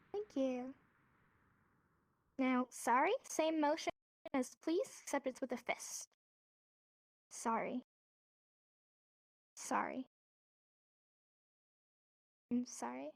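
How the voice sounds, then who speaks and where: A woman's voice: high voice, drawn-out words, vocal fry, long pauses, a little mellow, no room sound, clean studio sound. A woman teaching a sign language class, patiently repeating each word and explaining each hand motion step by step. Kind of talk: instructional lesson. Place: virtual reality social space.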